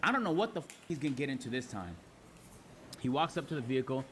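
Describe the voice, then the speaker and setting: A young man telling a story to his live chat as a streamer, animated and profane, acting out his own replies in a hushed voice. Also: mid-range voice, fast, a little hiss or hum. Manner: animated, profane, talks to chat, acts out his side quietly.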